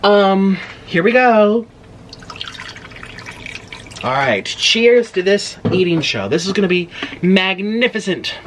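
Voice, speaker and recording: A woman's voice: mid-range voice, lively intonation, takes it slowly, pauses often. A young woman hosting a casual eating-show vlog, gasping and exclaiming as she talks. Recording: noisy home recording.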